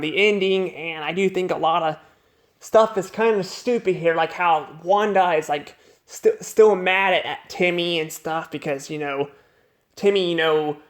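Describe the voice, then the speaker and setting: Male cartoon reviewer, slightly high voice, unscripted, halting delivery full of restarts. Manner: rambling, halting, many restarts and repeated words.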